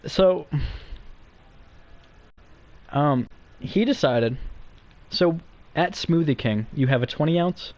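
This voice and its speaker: A man's voice: fairly high pitch, lively intonation, takes it slowly, pauses often, a little mellow. A young man streaming, telling stories in a rambling, profane way full of fillers. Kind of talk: casual live-stream chat. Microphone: streaming mic.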